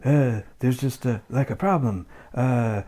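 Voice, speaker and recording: A man voicing a fussy, scolding goddess wife in a puppet opera retelling, in a high sing-song falsetto. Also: measured pace, warm tone, natural voice. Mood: sweet.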